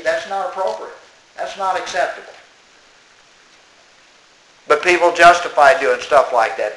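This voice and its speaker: Man, preacher-style commentary, reads text and talks back, emphatic, scolding, fairly high voice, roomy echo. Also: a bit bright, a little hiss or hum. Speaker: preacher commenting on a religious tract. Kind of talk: reading aloud with running commentary.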